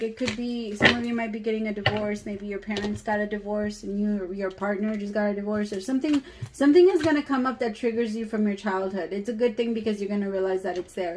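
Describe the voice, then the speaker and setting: A woman's voice: on the high side, poor audio. A woman doing a casual tarot reading for her viewers, talking straight to them in a candid way and swearing freely. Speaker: tarot reader.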